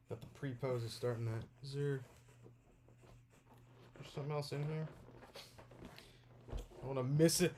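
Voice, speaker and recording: A young man giving casual, rambling unboxing commentary, excitable and full of filler words. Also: fairly high pitch, a little hiss or hum. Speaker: toy unboxing vlogger.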